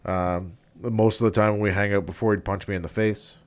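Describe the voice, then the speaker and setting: Low-voiced easygoing man. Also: fairly even intonation, fairly quick. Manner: easygoing, blunt, with occasional swearing. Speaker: podcast host. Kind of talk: casual chat.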